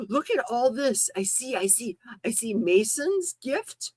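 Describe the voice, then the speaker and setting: A woman hosting a casual livestream, gasping and squealing with excitement as she reads gifts. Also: on the high side, takes it slowly, slightly rough, no room sound, clean studio sound. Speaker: livestream host.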